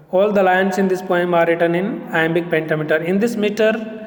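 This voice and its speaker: Man, college lecturer, explanatory, long reverb. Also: high-pitched. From India. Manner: slow, deliberate, explanatory. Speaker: English lecturer. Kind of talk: recorded e-lecture. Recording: echoey roomy recording.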